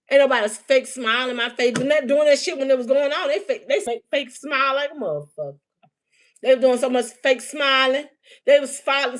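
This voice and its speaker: A livestream spiritual reader with a slightly high voice speaks unscripted, sounding heated, profane and mocking. She laughs often and reads messages out slowly, one word at a time.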